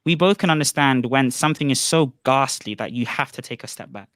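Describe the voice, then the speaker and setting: A man argues in an online debate with an assertive, lecturing tone. His voice is smooth and resonant, and it sounds dry and close on the mic. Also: medium pitch, a little fast, a bit bright, dry recording. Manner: assertive, lecturing, presses questions.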